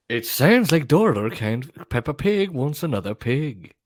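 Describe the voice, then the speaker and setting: A man's voice: medium pitch, dry recording, studio quality. A man hosting a livestream, chatting casually about politics in a loose, joking, profane way. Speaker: livestream host. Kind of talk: casual political commentary chat.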